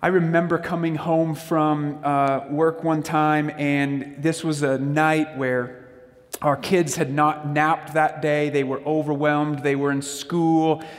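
A man's voice: fairly high pitch, level tone, slow, in a large hall. A man giving a sermon-style talk on parenting, telling stories conversationally and speaking straight to the audience. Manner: conversational storytelling, addresses the audience directly.

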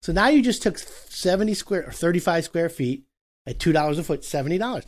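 A man hosting a talk show about home renovation, explaining with animated acted-out dialogue. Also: a little high, quick pace. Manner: animated, acts out customer and contractor voices. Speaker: podcast host.

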